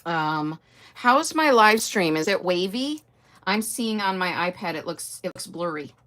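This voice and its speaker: A woman's voice: on the low side, expressive, a little slow, a bit bright. A middle-aged woman chatting casually on a live stream, greeting viewers by name and trailing off with fillers. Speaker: livestream host.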